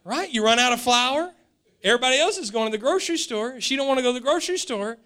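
Male preacher, forties, animated storyteller, high voice that swoops around. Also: quick pace. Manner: animated storytelling, repeats words. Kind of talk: sermon.

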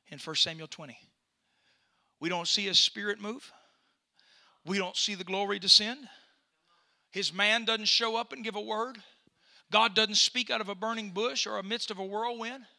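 A male pastor preaching a sermon in a church, punctuating phrases with 'uh' and building up to shouting. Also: sits high. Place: church sanctuary during a service.

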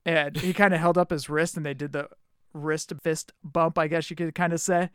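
A man's voice: a little high, level tone, normal speed, fairly bright tone, clean tone, no echo, clean studio sound. Laid-back young man hosting a podcast. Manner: enthusiastic, laid-back storyteller. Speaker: podcast host. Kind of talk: casual chat.

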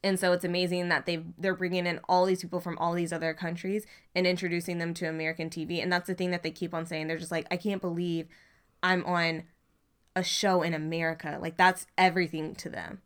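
A young woman with a slightly low voice chats casually as a podcast co-host. She talks in long, animated runs and restarts her sentences as she goes. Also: quick pace, few pauses, smooth. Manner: animated, talkative, restarts often. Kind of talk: casual chat about reality TV.

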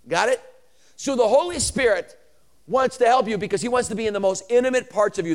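A man preaching a sermon, teaching word meanings slowly and repeating them, then building to shouted calls for amen. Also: high voice. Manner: spells out and repeats words slowly.

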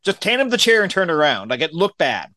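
A man's voice: fairly high pitch, very animated, fairly quick, pushed and bright, no echo. A man casually recapping a wrestling show on a podcast, giving dry, matter-of-fact play-by-play with his own opinions.

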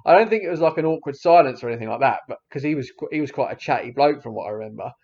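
A man's voice: mid-range voice, animated, very fast, vocal fry, a little mellow. Hesitant man in his thirties, dull sound. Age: 30s. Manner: hesitant, rambling, lots of fillers and restarts. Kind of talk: casual storytelling chat.

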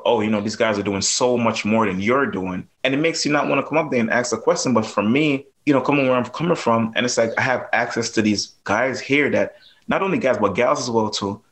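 A Jamaican-accented man who works as a plumber and landlord chats loosely as a guest on a casual podcast interview, using plenty of fillers. His voice is mid-range with a fairly bright tone.

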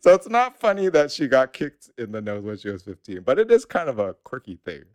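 Lively laughing podcast man. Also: medium pitch, a little fast. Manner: animated, laughs often. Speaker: podcast co-host. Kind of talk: casual podcast chat.

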